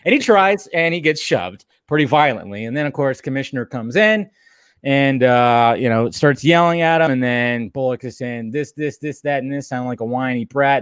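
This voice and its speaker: A man hosting a podcast in casual chat, animated and laughing often as he talks. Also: mid-range voice, smooth, dry recording, clean studio sound. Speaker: podcast host.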